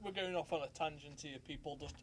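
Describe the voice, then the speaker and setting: A man's voice: a little high, quick pace, noisy background. A man co-hosting a wrestling podcast, laughing as he retells stories. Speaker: podcast co-host. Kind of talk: casual wrestling chat.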